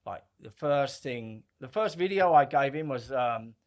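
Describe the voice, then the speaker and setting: A middle-aged man telling a story casually on a podcast, animated, swearing freely and acting out quoted lines. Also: mid-range voice, unhurried. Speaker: podcast guest.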